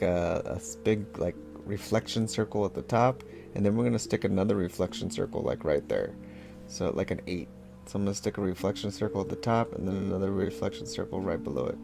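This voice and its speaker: A man's voice: lowish voice, gravelly. A man leading a casual draw-along lesson, talking as he draws, playful and rambling with self-mocking asides. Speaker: drawing instructor.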